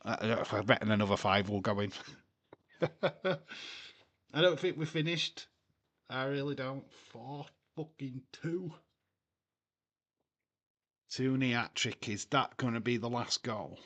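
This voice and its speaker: A man's voice: medium pitch, lively intonation, slow pace, pauses often, fairly bright tone, dry recording. A man streaming a live watchalong, chatting casually with crude jokes and frequent laughs. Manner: crude, jokey, laughs often.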